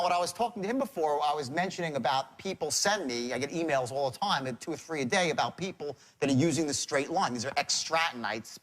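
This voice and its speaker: Animated man teaching sales. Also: a little high. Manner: animated, acts out sales calls in shifting tones. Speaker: sales trainer. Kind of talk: seminar lecture on sales.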